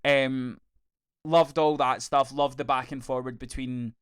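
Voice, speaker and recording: A man co-hosting a podcast, chatting in a gushing, sweary, animated way. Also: mid-range voice, a little slow, clear, resonant tone. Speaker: podcast co-host. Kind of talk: casual review chat.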